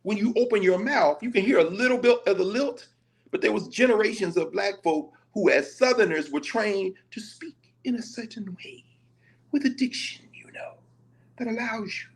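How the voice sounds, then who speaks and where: A man from Nashville, a professor talking in lively conversational commentary, telling stories with quoted dialogue and casual vernacular. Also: sits high, moderate pace. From Nashville, Tennessee. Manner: animated storytelling, slipping into quoted dialogue and casual Black vernacular.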